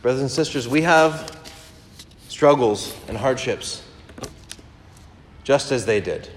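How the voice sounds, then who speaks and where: A man preaching a sermon. He reads a passage as a rhythmic string of rhetorical questions, then comments on it more quietly. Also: mid-range voice, animated, takes it slowly, long reverb tail, a little hiss or hum.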